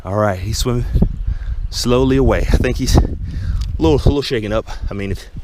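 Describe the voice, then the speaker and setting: A man vlogging from the shore, chatting casually to viewers in an excitable, chatty way, recorded outdoors. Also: medium pitch, brisk, background noise. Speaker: fishing vlogger. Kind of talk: casual talk to camera. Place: outdoors on a lakeshore.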